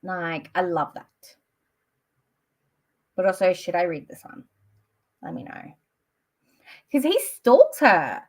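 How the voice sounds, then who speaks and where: A woman's voice: fairly low pitch, very animated, takes it slowly, pauses often. Chatty woman in her late twenties. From Australia. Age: late 20s. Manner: chatty, rambling, lots of "like" and "um". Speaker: book streamer. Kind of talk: casual live-stream chat.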